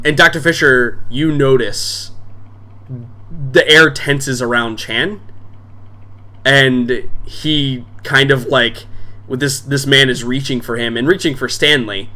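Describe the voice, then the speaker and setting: A man's voice: medium pitch, unhurried, bright, forceful tone. A man narrating as game master in a casual, filler-heavy way.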